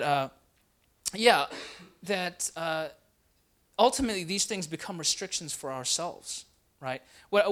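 A young adult man, an intern pastor, telling a personal story in a sermon with lots of "right?" tags and animated delivery. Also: fairly high pitch.

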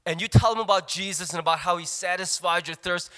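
A man preaching a sermon in an animated way, with joking asides to the congregation. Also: high-pitched, quick pace, big-room sound.

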